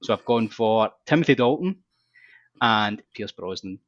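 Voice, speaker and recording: Deep man, dull dry sound. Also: animated, unhurried, a bit bright, no echo. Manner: blunt, jokey, short interjections. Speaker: podcast guest. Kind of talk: casual chat.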